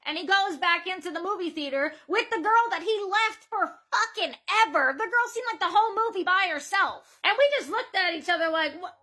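Young woman, very high bright voice, sarcastic storyteller for a comedy skit. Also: animated, brisk, hardly any pauses. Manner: sarcastic, exasperated.

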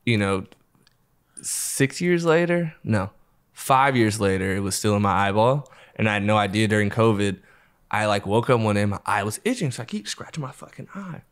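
Animated, profane male storyteller. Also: fast. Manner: animated, profane, acts out quotes in a higher voice; laughs through his telling. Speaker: podcast guest. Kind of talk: casual storytelling chat.

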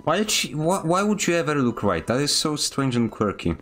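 A man's voice: on the high side, big pitch swings, brisk, fairly bright tone, soft background music. Playful man streaming games. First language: Polish. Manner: playful, mock-dramatic teasing. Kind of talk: casual gameplay streaming.

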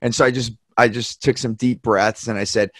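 A man's voice: medium pitch, brisk, no room sound, studio quality. A man hosting a podcast, chatting casually and telling stories that he acts out with quoted voices. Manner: animated storyteller who acts out quoted people. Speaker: podcast host. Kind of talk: casual conversation, storytelling. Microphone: podcast mic.

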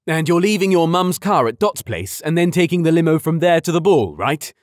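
Brief: man playing a booming, gushing middle-aged father in an audiobook, pitched up high and loud, dry studio. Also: expressive, a little fast, no room sound, natural voice. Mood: eager. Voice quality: booming, effusive.

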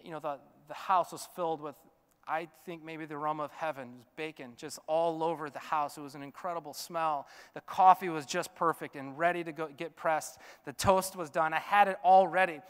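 A male pastor telling a story in a sermon, animated and chatty with lots of fillers, in a church sanctuary. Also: fairly high pitch, a little fast, clear, resonant tone, big-room sound.

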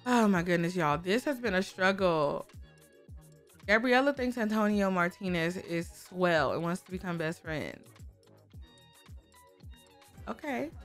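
A woman's voice: fairly low pitch, expressive, a little slow, long pauses, faint music behind. A woman casually commenting on her game, chatty and exclaiming, talking to viewers and to the characters, with speech. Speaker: gaming YouTuber.

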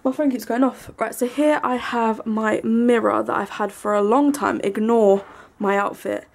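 A young woman giving a casual, rambling tour of her small bedroom, full of ums and likes, sometimes hushed. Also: a little high, steady tone, moderate pace, gravelly. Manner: hushed at times so as not to wake her brother. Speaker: vlogger. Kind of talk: casual room tour vlog.

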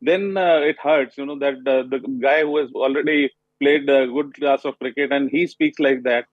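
A man being interviewed live on a TV panel as a cricket coach, speaking haltingly with many pauses. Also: medium pitch, fairly even intonation, dry recording. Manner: halting, pausing often with fillers. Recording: tinny phone line.

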